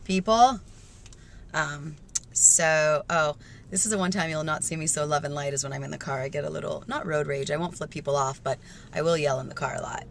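A chatty, excitable woman vlogging from behind the wheel, holding the camera up to her face. Her talk rambles and swings from quiet asides to loud bursts. The road and car noise are clearly heard under her voice. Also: sits low, brisk. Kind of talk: casual excited car vlog. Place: inside a car while driving. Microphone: handheld camera facing her in the car.

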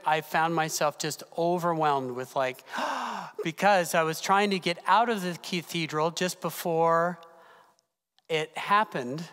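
A man's voice: a little high, a bit bright, smooth. A man from California, a pastor, telling a personal story in a sermon with gasps and casual fillers. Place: church sanctuary. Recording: long hall reverb.

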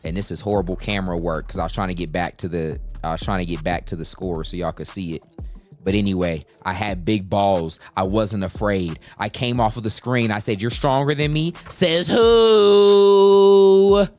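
A man giving live commentary on his own basketball video game, slangy and full of trash talk, breaking into excited yells. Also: low-pitched, brisk, soft background music. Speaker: gaming YouTuber.

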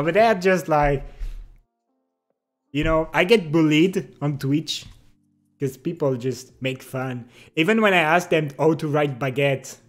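A streamer who speaks natively, chatting casually and playfully with viewers, laughing and repeating words. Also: mid-range voice. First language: French. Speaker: live streamer.

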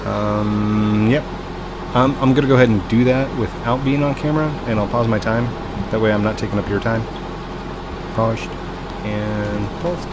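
A man's voice: on the low side, normal speed, heavy background noise. A man casually commenting on his own gameplay as host, chatty and sighing at glitches. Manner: chatty, sighing, mildly exasperated. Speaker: gaming video host. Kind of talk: casual let's-play commentary.

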